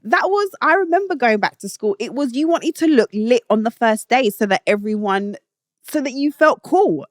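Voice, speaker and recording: A woman's voice: a little high, lively intonation, normal speed, a little mellow, no echo, clean studio sound. A British woman hosting her own show, giving blunt, opinionated takes in a casual monologue that rises to indignant outbursts. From Britain. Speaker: show host.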